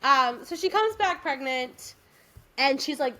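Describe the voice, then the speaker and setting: A woman co-hosting a podcast, chatting casually and retelling a musical's plot with lively quoted voices. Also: high-pitched, measured pace. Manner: animated retelling with quoted voices, frequent fillers. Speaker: podcast co-host. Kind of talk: casual chat recapping a musical.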